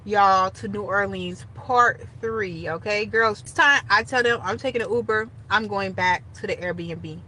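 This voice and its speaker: A young woman casually telling a story straight to her viewers, animated and chatty. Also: mid-range voice, unhurried, hardly any pauses, a little hiss or hum, poor audio. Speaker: storytime vlogger.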